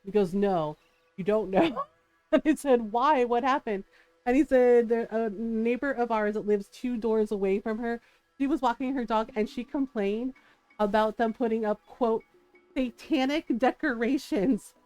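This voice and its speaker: A middle-aged woman streamer chatting casually, telling an animated story with frequent laughs and quoted voices. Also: fairly high pitch, unhurried, no echo, faint music behind. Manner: animated, laughing often, quoting others in shifting voices.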